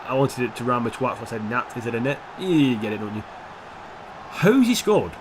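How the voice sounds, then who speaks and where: A young man commentating his own football video game, sweary and excitable, dropping to mutters and jumping to shouts. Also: mid-range voice, normal speed, background noise. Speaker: gaming YouTuber. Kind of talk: gameplay commentary.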